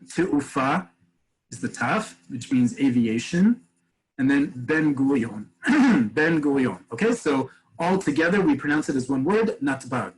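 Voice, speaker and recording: A man's voice: mid-range voice, animated, a little slow, slightly rough, poor audio. A man teaching a webinar over a video call, explaining things step by step and answering questions from the chat. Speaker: Hebrew teacher.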